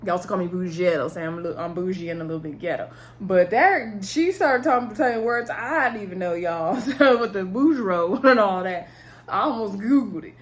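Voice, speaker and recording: Chatty woman recapping a show. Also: medium pitch. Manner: chatty, talks to viewers as "y'all", laughs often. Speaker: reality TV recap vlogger.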